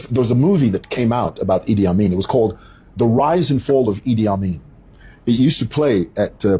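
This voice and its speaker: A middle-aged man giving opinionated commentary, animated and storytelling, stretching words for emphasis. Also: mid-range voice, husky, low-quality recording. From Zambia.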